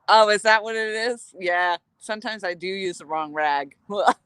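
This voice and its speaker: Bright, playful woman vlogging outdoors. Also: mid-range voice, unhurried, clear, resonant tone, dry recording. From New England. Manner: playful, chatty, laughs often. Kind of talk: casual outdoor vlog chat. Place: outdoors at a riverside fishing landing.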